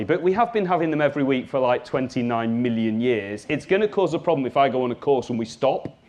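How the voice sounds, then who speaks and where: At a live workshop, a male business trainer talks directly to those present in an upbeat, joking manner. His pitch sits a little high.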